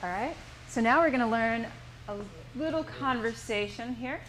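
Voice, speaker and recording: A woman's voice: a little high, moderate pace, fairly bright tone, slight background noise, low-quality recording. A woman with an American accent teaching a small language workshop, patiently explaining sounds step by step. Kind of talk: teaching a class. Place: indoor workshop room.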